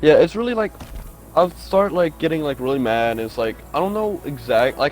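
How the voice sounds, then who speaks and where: A man's voice: medium pitch, sing-song, fairly quick, soft background music. A young man with a Southern US accent, co-hosting a podcast in a laid-back casual chat and laughing often. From Southern United States. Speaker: podcast co-host.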